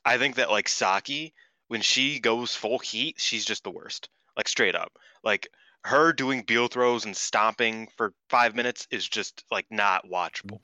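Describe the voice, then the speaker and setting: Bright, blunt Chicago-accented man. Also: lowish voice, a little slow, no room sound. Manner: blunt, profane, filler-heavy. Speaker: podcast co-host. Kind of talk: casual chat.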